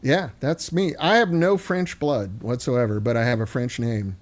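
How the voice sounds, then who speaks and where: A man's voice: medium pitch, moderate pace. A man, chatting casually and joking with some swearing. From United States. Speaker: host. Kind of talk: casual chat.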